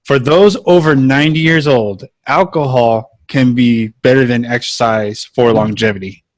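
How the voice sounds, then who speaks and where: A man hosting a casual podcast, reading a news item aloud with halting fillers. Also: mid-range voice, no echo. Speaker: podcast host. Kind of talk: casual chat.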